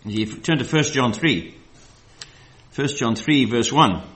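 A man with a medium-pitched, fairly bright voice preaches a Bible study sermon. Verses get a slow, stressed reading, while his side comments turn loose and filler-heavy.

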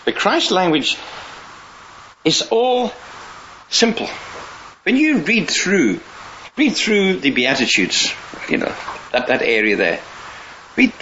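A man with a high, bright and forceful voice preaches a sermon in a rambling, conversational style, often restarting sentences and occasionally chuckling. The recording is dull and lo-fi with a faint hiss.

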